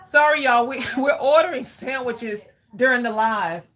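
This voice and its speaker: Woman, higher voice, chatty live-stream host, rambling with ums. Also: unhurried, a bit bright. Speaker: livestream crafting host. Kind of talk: casual live-stream chat.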